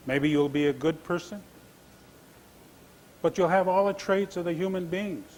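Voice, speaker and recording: A man voicing a wise, calm male Creator spirit who hands out gifts in a told legend. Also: high-pitched, pitched above the performer's own voice, close to an everyday voice, rough recording. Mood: solemn. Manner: measured, promising.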